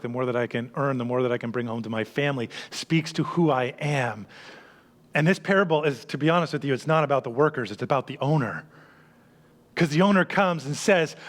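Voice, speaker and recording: A man preaching a sermon as a church pastor, earnest, dropping to hushed tones and then rising to emphatic peaks. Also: mid-range voice, a little fast.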